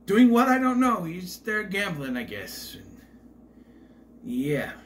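Animated, rambling male movie reviewer. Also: high-pitched, slow, a little hiss or hum. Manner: rambling, hesitant, wry, many asides. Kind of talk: casual rambling movie commentary.

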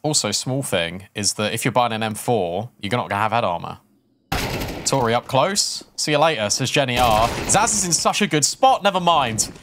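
A man calls esports rounds in a mid-pitched voice, analytical and quick. A faint hiss sits beneath his commentary. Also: expressive. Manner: quick, analytical, self-deprecating. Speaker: esports caster. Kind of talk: play-by-play commentary.

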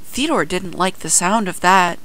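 A woman reading a children's storybook aloud with lively narration. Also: lowish voice, unhurried, poor audio.

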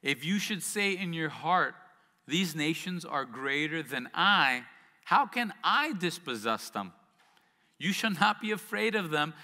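A man with a fairly high, bright, forceful voice preaches a sermon, moving between scripture reading and chatty asides full of rhetorical questions. His voice carries a long reverb, as if heard through a church hall. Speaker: pastor.

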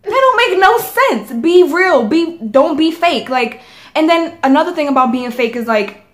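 A woman's voice: high-pitched, expressive, moderate pace, a bit bright. A young woman vlogging in casual chat, talking bluntly and swearing freely as she rants. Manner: blunt, profane, ranting.

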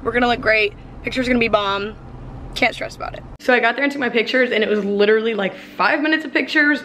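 Excitable young woman vlogging on her phone. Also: sits high, a little hiss or hum, poor audio. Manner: excitable, rushed and chatty. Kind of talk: casual vlog to camera. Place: in a car, then a small bathroom. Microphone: phone held at arm's length.

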